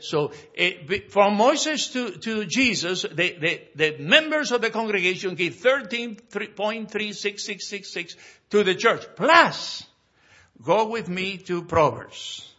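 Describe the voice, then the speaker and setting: A South American pastor reads scripture slowly in a lifted, high, bright voice with a husky grain, then breaks into quick, expressive asides and stories in broken English full of non-native grammar and restarts. The recording is muffled and lo-fi.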